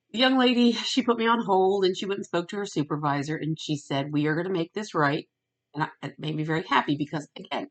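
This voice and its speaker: Middle-aged woman vlogger, lower voice, animated rant with quoted dialogue. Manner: animated, retells phone calls with quoted voices. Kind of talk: ranting storytime monologue.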